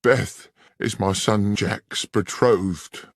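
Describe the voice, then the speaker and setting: An older innkeeper, as a male narrator voices him, speaks with agitation as a worried father. His voice is gravelly and low. It is a close, dry storybook reading. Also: very slow, no room sound, exaggerated voice. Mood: agitated. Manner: agitated and protective.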